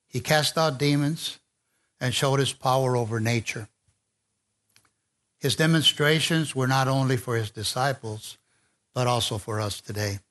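A man's voice: medium pitch, a bit bright. A man preaching a conversational sermon and speaking informally, with fillers and restarts.

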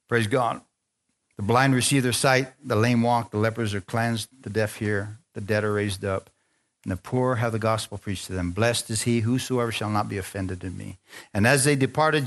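A male pastor preaching a lively sermon, retelling a Bible story playfully and often asking his congregation for an amen. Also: lowish voice. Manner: excitable, playful storytelling with call-and-response.

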